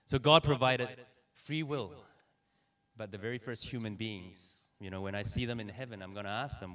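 A man preaching a sermon, telling personal stories in an animated way and acting out the dialogue. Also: on the low side, normal speed. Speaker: pastor. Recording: voice somewhat distant from the mic.

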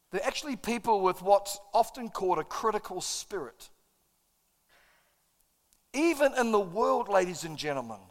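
A male pastor delivers a sermon as an animated storyteller, acting out his own part in the stories. His voice sits very high for a man. The sound carries the long reverb of a church hall.

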